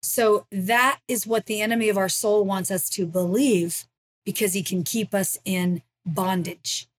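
A middle-aged woman recounts her personal testimony as an interview guest. Her pitch sits mid-range for a woman. She speaks in an earnest, emotional storytelling manner. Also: fairly even intonation, measured pace. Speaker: ministry founder, guest.

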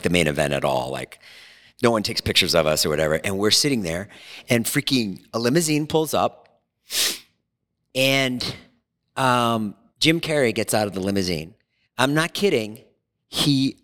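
Male podcast host, forties, animated self-deprecating storyteller, reverberant room. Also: lowish voice, moderate pace. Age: 40s. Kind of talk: casual chat. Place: podcast studio.

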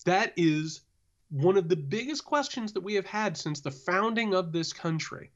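A man co-hosting a political podcast, talking with a lively, swooping voice that ranges widely in pitch. He is impassioned and sarcastic, riding high on rants. The audio is dull and lo-fi. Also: normal speed. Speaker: podcast co-host. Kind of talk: casual political chat.

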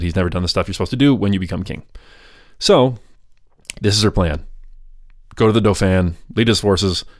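A man's voice: deep voice, no room sound, clean studio sound. A man hosting a history podcast, telling the story casually with jokey asides and restarts. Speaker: podcast host.

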